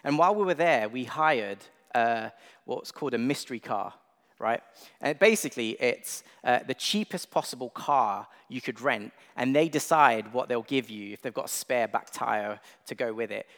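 A man's voice: mid-range voice, expressive, normal speed, fairly bright tone. Chatty young man preaching in a hall. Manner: conversational, self-deprecating, with filler words. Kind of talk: sermon. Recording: long reverb of a large hall.

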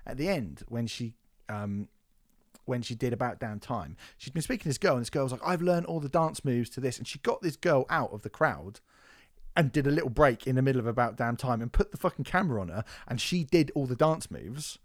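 A man's voice: medium pitch, lively intonation, brisk, no room sound, clean studio sound. Sweary, rambling man on a podcast. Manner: sweary, rambling with many fillers and restarts. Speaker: podcast co-host. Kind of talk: casual chat.

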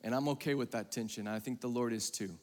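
A man preaching a sermon to a live congregation, talking conversationally and calling on the audience, moving between loud emphatic bursts and hushed, low passages. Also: steady tone, quick pace. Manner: conversational, calls on the audience to raise hands. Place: large hall with a congregation. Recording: long hall reverb.

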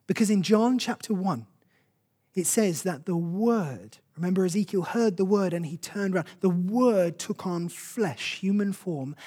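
A breathy, slightly husky preacher delivers a sermon. The pitch sits in a middle range, and the talk is earnest and conversational. Short phrases come back again and again for emphasis. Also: warm tone.

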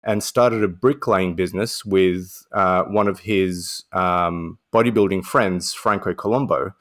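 Podcast co-host, male, low voice, relaxed anecdotal delivery. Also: measured pace. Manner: relaxed storytelling, uses "mate". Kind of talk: casual film discussion.

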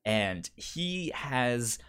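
A man's voice: mid-range voice, big pitch swings, drawn-out words, smooth. Stammering man retelling scenes with big laughs. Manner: stammers and repeats word starts, laughs loudly while retelling scenes. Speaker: podcast co-host. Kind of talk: casual chat reviewing a show.

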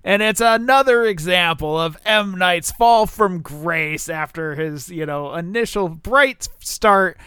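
A man's voice: high voice, slow, few pauses, bright, forceful tone, clear, resonant tone, no echo, clean studio sound. A middle-aged man co-hosting a podcast, chatting casually with lots of fillers and laughs. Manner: rambling, laughing, filler-heavy. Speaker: podcast co-host. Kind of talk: casual chat.

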